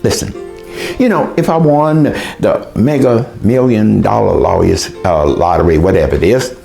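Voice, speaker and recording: A man's voice: lowish voice, moderate pace, gravelly, warm tone, soft background music. A man delivering a scolding, rhetorical moral monologue to his listener, asking questions and answering them himself. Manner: acts out other people's voices. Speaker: speaker, former educator.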